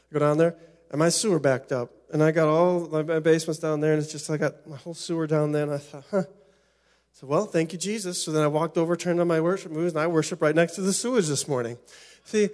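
A man's voice: fairly high pitch, a little mellow. A middle-aged man preaching a sermon as pastor, impassioned, often repeating and restarting his phrases.

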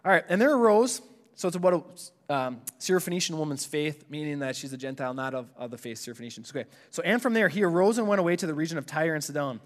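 A man's voice: on the high side, lively intonation, very fast, a bit bright, big-room sound. A man preaching a sermon in an earnest, conversational way, full of restarts and casual asides.

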